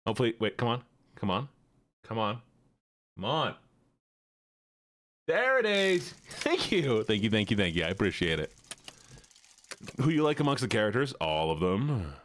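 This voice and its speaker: A man streaming a game live, excitable and chatty, thanking viewers as he plays. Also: lowish voice, moderate pace, pauses often.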